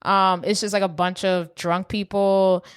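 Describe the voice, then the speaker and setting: A woman's voice: mid-range voice, flat delivery, a little slow, smooth, no room sound, studio quality. A young woman co-hosting a movie podcast, chatty and opinionated, and she swears freely. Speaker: podcast co-host. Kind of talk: casual movie recap chat.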